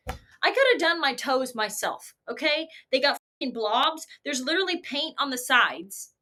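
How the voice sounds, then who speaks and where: A woman's voice: a little high, a bit bright. A young woman vlogger telling a storytime rant in a profane, sarcastic, self-mocking way.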